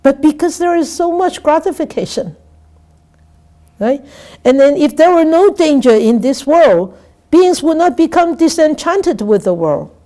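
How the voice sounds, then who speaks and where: A Buddhist nun giving a dharma talk. She speaks haltingly, repeats words and keeps asking "right?". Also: high-pitched, expressive, dark tone. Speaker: Buddhist nun teaching scripture.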